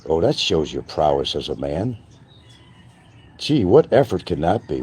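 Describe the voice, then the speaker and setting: An older man on a livestream, delivering a combative rant that swings between shouting and muttering. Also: sits low, wildly swooping pitch, a little slow. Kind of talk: ranting livestream monologue. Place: island town, outdoors or at home.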